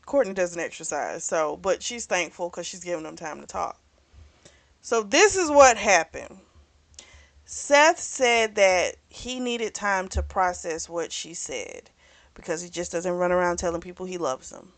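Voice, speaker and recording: A woman hosting a book club channel, casually retelling a novel's plot in a chatty, animated way with frequent "you know"s. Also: fairly low pitch, a little slow.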